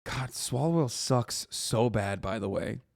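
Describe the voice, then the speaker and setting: A man's voice: mid-range voice, lively intonation, slow pace, creaky, dry recording, studio quality. A man streaming live, reacting to a clip in casual, profane, mocking talk. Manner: profane, mocking, laid-back.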